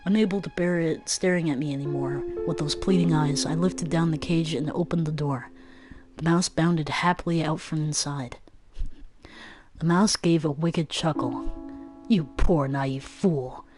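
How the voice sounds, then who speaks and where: A woman's voice: deep voice, steady tone, moderate pace. A woman streaming a text game, reading it aloud and chatting casually and playfully. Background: background game music.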